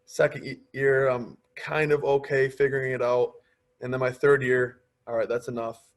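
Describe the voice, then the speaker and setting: A young man in his twenties speaks as a podcast guest in a relaxed, conversational way. He tells long personal stories and drops into quick impressions of the people in them. His pitch sits in a middle range. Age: 20s. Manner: storytelling, quoting others in lively asides. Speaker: podcast guest, pro hockey player. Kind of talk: casual interview chat.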